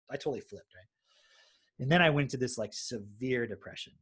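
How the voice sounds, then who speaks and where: Podcast host, man in his thirties, husky voice, fast animated storytelling with swearing. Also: mid-range voice. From Texas. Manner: swears freely, animated retelling. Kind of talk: casual storytelling chat.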